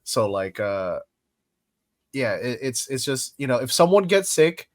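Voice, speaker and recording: A young man hosts a laid-back podcast, sounding congested and a little hoarse as his voice recovers. He rambles along, restarting sentences and filling gaps with ums and likes. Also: medium pitch, big pitch swings, a little slow. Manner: rambling, lots of fillers and restarts. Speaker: podcast host. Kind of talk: casual podcast chat.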